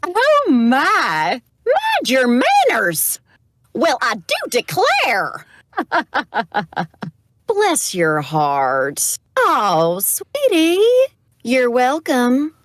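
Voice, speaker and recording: Game casting: prim Southern belle, sweet drawl, slow and sing-song, voiced by a woman. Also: high-pitched, wildly swooping pitch, fairly bright tone, no room sound, studio quality, exaggerated voice.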